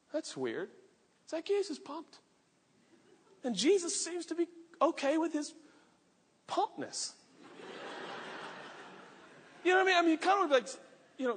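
A male pastor preaching a sermon, telling a story with lively acted-out voices and frequent laughter. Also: extremely high pitch, moderate pace, breathy edge, big-room sound. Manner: animated storytelling, acts out voices, laughs often. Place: large church hall.

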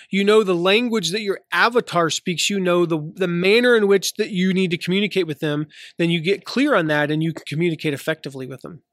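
Southern guy rambling thru a podcast, slightly high voice, super dry close sound, lots of "you know". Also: a bit bright, dry recording. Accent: light Southern US. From American South. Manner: chatty, many fillers and restarts. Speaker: podcast host. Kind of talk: casual solo podcast teaching.

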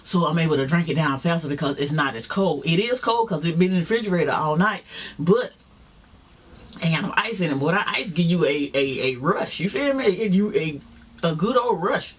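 Her voice is fairly low, husky, expressive, and fairly quick as she hosts a home mukbang from her chair. Chatty and speaking directly to viewers while she eats, she lets out religious exclamations along the way.

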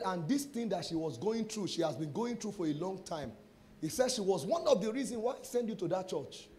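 A man's voice: high-pitched, a little hiss or hum. A Nigerian man, a pastor, preaching a sermon and telling testimony stories, acting out the dialogue and mixing in pidgin phrases. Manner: animated storyteller acting out dialogue.

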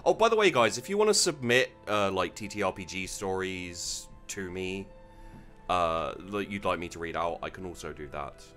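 A man's voice: sits low, normal speed, soft background music. Guy streamer reading tabletop stories, lots of ups and downs in his voice, amused, restarts a lot. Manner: animated, amused storytelling with frequent ums and restarts. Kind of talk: live-stream story reading and chat.

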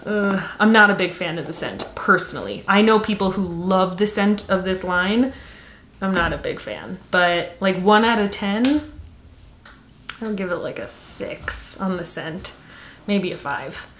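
A woman's voice: mid-range voice, animated, a little slow, a bit bright, echoey room, a little hiss or hum. A woman vlogger chatting casually through a beauty product haul, enthusiastic and full of fillers.

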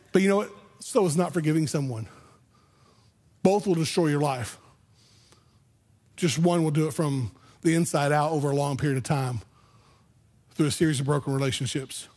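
Husky high-voiced man preaching a sermon. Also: a little mellow. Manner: conversational preaching with frequent restarts. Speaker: pastor. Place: church sanctuary.

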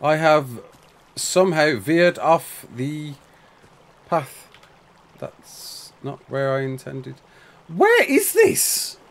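A man streaming a game, rambling casually to his chat and to himself with quick exclamations. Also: on the high side, gravelly. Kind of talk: casual live-stream chat while playing.

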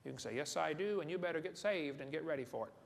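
Here the man's voice is a little high and creaky, moving at a quick pace with lively intonation. He's a seminar speaker joking his way through a folksy, humorous lecture in a large hall, regularly quizzing the live audience, with echoey acoustics and faint background noise.

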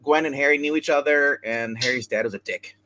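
A man's voice: medium pitch, fairly quick, noisy background. A man hosting a casual chat show, rambling through a comic book review with many restarts and asides.

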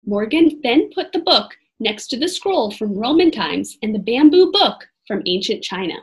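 A woman reading a children's chapter book aloud expressively, pausing to talk to her listeners. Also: on the high side, husky. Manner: expressive, pauses to comment to listeners. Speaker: storybook reader.

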